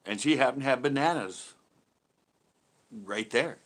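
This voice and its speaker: A man's voice: mid-range voice, measured pace. A man co-hosting a live stream, rambling and laughing through casual jokey chat.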